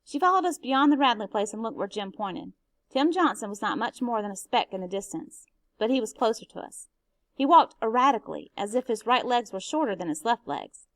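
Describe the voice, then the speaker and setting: A woman, a teacher, reading a novel aloud in a steady, expressive way. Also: on the high side, fairly quick, no echo.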